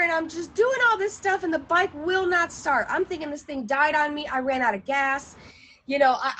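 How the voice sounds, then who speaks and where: Woman, high voice, animated storyteller, laughing, acts out her panic. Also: a little hiss or hum, rough recording.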